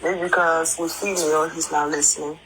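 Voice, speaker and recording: A woman's voice: deep voice, flat delivery, fairly quick, a crowd in the background, rough recording. A woman on a live stream speaking bluntly, in a scolding way.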